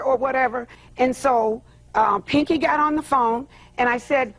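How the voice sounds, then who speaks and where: A woman's voice: high-pitched, steady tone, normal speed, fairly bright tone. A middle-aged woman speaking up in a TV courtroom for her daughter, emphatic and quoting conversations word for word. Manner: emphatic, repeats quoted dialogue. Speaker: plaintiff's mother. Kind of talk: courtroom testimony.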